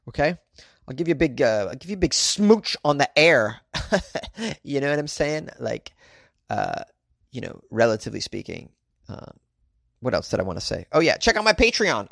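A young adult man hosting a comedy podcast from a closet, riffing in an animated, self-mocking way. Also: medium pitch, vocal fry, no room sound, studio quality. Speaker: podcast host.

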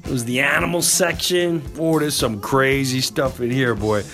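A man hosting a podcast, telling a personal story in an earnest, animated way and slipping into voices for the people in it. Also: mid-range voice, moderate pace, faint music behind. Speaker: podcast host.

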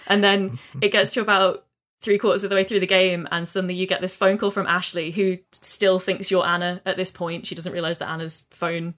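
A woman's voice: lowish voice, flat delivery, brisk, a bit bright. A woman co-hosting a casual podcast, retelling a game story with enthusiasm and many fillers. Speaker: podcast co-host.

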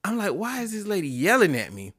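Animated bright-voiced man telling a story. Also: high voice, fast, no room sound, clean studio sound. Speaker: podcast co-host. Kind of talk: casual chat.

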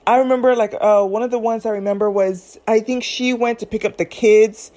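A woman's voice: fairly high pitch, steady tone, a little fast, dark tone. A woman hosting a casual commentary chat, rambling and chatty, with many fillers and self-corrections. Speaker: podcast host. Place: at home, eating snacks.

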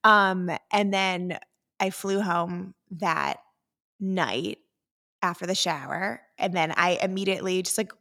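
A woman's voice: lowish voice, slow pace, vocal fry, bright, forceful tone. A young woman co-hosting a podcast in casual chat, talking with lots of fillers. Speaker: podcast co-host.

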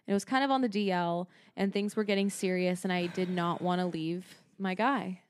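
A woman's voice: on the low side, steady tone, moderate pace, slight background noise. A young woman co-hosting a podcast in casual chat, telling her story candidly and filling it with lots of "like". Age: young adult. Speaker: podcast co-host.

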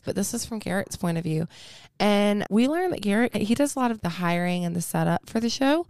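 A woman with a faintly hoarse voice, still getting over laryngitis, walks through a plot in easy conversational podcast chat. Her voice sits mid-range, and the recording is dry and close. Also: mid-range voice, darkish tone, no echo. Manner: chatty, summarizing plot. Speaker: podcast co-host. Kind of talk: casual book discussion.

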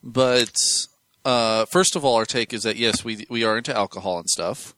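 A man co-hosting a podcast in casual chat, animated and rambling with fillers and laughs. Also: medium pitch, moderate pace, no room sound. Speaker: podcast co-host.

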